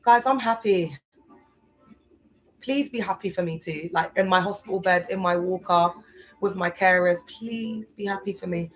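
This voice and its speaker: A woman's voice: lowish voice, normal speed, soft background music, rough recording. A woman in her thirties, unwell, chatting loosely on a live stream about faith, with many fillers. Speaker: livestream host.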